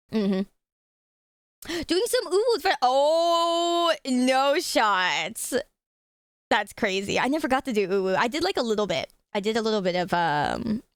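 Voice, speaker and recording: A woman's voice: mid-range voice, gravelly, clear, resonant tone, no room sound, clean studio sound. A young woman livestreaming, chatting casually with her viewers, swearing freely and giggling. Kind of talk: casual reaction stream chat.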